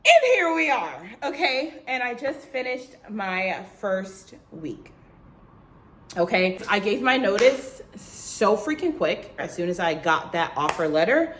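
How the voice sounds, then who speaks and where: A young woman vlogging to the camera in casual chat, telling a lively story and acting out what others said in a higher voice, checking in with "okay?" as she goes. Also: slow, slight background noise. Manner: animated storytelling, acts out quotes in a high voice; talks straight to viewers, tags lines with "okay?" and "girl".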